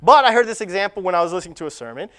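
An animated preacher delivering a sermon, with a voice that rises and falls widely for emphasis. Key lines are stressed and repeated, the delivery swinging between loud exhortation and quieter storytelling. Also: mid-range voice, rapid-fire, smooth.

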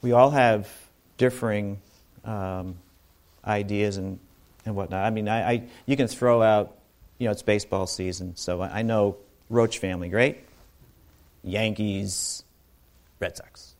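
A man's voice: fairly low pitch, steady tone, measured pace, pauses often, darkish tone. A man giving an informal sermon to a congregation, talking conversationally with asides and restarts. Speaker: bible teacher.

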